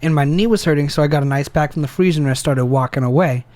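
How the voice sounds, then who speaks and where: A young man co-hosting a casual podcast over beers, rambling and laughing often, jumping into high voices when imitating people. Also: quick pace, a little mellow, no echo. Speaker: podcast co-host.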